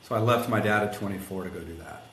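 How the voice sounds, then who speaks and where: Animated storytelling man in an echoey room. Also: deep voice, fast talker. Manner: animated storyteller acting out quotes; self-described rough around the edges. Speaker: guest, collision shop executive. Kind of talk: casual storytelling interview. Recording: echoey room with faint background noise.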